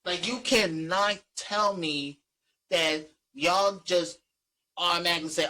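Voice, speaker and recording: A man's voice: high voice, measured pace, pushed and bright, rough recording. A man with a Philadelphia accent co-hosting a podcast, ranting heatedly with lots of profanity and repetition. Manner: heated, profane, repeats himself while ranting. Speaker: podcast co-host. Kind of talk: casual chat.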